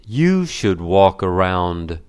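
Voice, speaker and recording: An irritated young man stuck in a shop queue, read by a male narrator answers with slow, indignant sarcasm. The voice sits a little low and sounds smooth and clear. Each word is drawn out and given weight. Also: very animated, a little mellow, full character voice. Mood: sarcastic.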